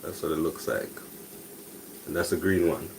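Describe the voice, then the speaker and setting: A man hosting a live cooking stream, talking softly and casually to viewers while he cooks breakfast. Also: very deep voice, moderate pace, vocal fry, noisy background. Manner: talks softly, relaxed and chatty. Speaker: cooking channel host. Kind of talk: soft-spoken live cooking stream chat. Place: home kitchen with cooking noise behind.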